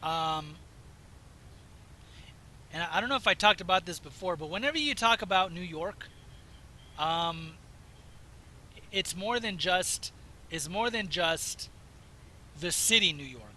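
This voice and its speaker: A man from the Southwest United States, chatting casually and meandering as he plays a driving game, his voice slightly hoarse. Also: high voice, expressive, unhurried, pauses often, pushed and bright, a little hiss or hum, poor audio. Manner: chatty, meandering, self-interrupting. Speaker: gaming video host. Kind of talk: casual rambling commentary while playing.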